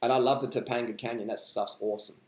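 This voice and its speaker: A man's voice: mid-range voice, fairly even intonation, fast, roomy sound. A man hosting a live stream, answering viewer questions in a blunt, rambling, profane way. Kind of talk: casual unscripted live stream chat.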